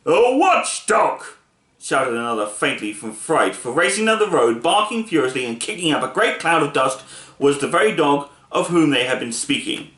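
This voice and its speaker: A man reading a children's book aloud in a playful, expressive way. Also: a little high, a little fast. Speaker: storybook reader. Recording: echoey room.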